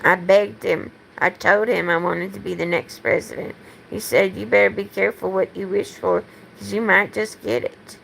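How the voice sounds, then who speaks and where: A woman's voice: medium pitch, steady tone, fairly bright tone, slight background noise, low-quality recording. A woman, talking in a blunt, meandering monologue. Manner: slow and meandering, blunt, gravelly. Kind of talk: rambling monologue.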